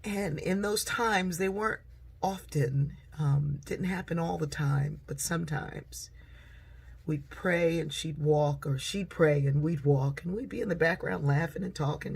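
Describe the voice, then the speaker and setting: Husky middle-aged woman telling family stories. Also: low-pitched, measured pace. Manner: warm humorous storyteller. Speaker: speaker and author. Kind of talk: personal storytelling monologue.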